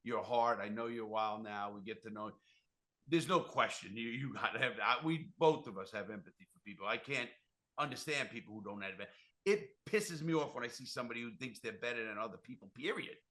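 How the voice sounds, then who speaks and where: A man's voice: mid-range voice, expressive, fairly quick, bright, forceful tone. A man hosting a podcast, talking in a blunt, fired-up way and swearing freely. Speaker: podcast host. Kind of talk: casual chat.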